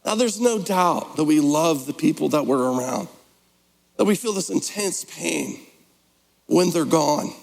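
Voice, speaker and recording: A man's voice: fairly high pitch, lively intonation, unhurried, creaky, long reverb tail, rough recording. A man preaching a sermon as pastor, in a conversational, playful way, slipping into mock voices. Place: church sanctuary.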